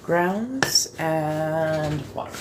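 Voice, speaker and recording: A woman's voice: deep voice, expressive, drawn-out words, noisy background. A tired woman who is just waking up, chatting bluntly and casually on a body-doubling livestream and swearing freely. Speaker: livestream host.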